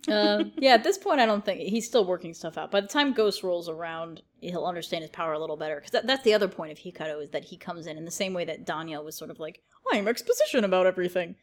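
A woman's voice: fairly low pitch, fast talker, few pauses. A young woman chatting casually as a podcast co-host, rambling and laughing often. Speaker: podcast co-host, series writer. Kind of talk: casual chat.

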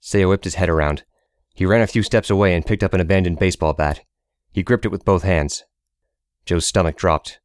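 Deep-voiced man reading a story. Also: fairly quick, clean tone, no room sound, studio quality. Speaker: narrator. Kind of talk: audiobook narration.

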